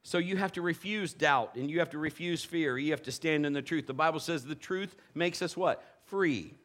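Man, pastor, sermon, animated storytelling, bright tone, slightly high voice. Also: normal speed. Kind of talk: sermon with personal stories.

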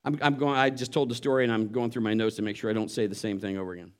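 A man's voice: lowish voice, steady tone, racing, smooth. A man preaching a sermon, telling a story and acting out the voices of the people in it. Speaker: pastor.

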